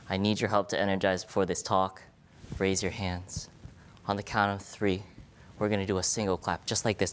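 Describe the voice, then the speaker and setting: A man in his twenties, a medical student giving a playful, energetic live talk to an audience in an event room. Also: deep voice, slight background noise.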